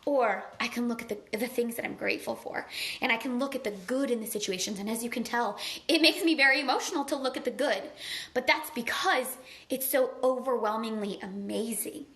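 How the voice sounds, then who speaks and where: A woman speaks to her live-stream viewers in an earnest, gushing motivational talk. Her voice sits a little high and sounds bright and pressing. She talks in a loose, chatty way, full of "like.". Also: fairly quick. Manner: earnest, gushing and conversational, heavy on "like". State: tearful at times.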